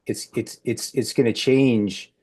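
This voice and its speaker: A man's voice: mid-range voice, fairly even intonation, takes it slowly, darkish tone. A man hosting a podcast discussion, talking in a rambling way with many restarts and fillers. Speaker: podcast host. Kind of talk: casual group discussion.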